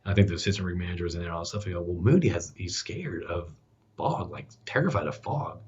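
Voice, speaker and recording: A man's voice: sits low, expressive, fast talker, darkish tone. A man who hosts a podcast, telling casual stories with lots of restarts and fillers, laughing at his own jokes. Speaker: podcast host, guest this episode. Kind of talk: casual storytelling chat. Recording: dull lo-fi sound.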